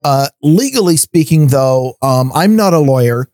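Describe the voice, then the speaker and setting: A middle-aged podcast co-host rants animatedly in casual chat, often stammering as he restarts sentences and laughing between points. His voice is on the high side and darkish, at a moderate pace, with no echo.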